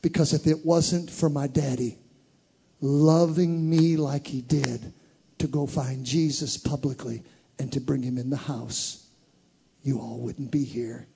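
A man preaching, voicing a gentle elderly grandmother who tells her grandchildren a story in a soft, tender way. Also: medium pitch, fairly even intonation, takes it slowly, gravelly, husky, heavily acted.

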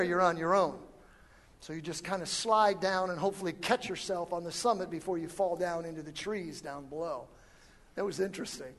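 High-voiced animated male preacher. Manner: animated storyteller who acts out dialogue. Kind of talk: storytelling sermon.

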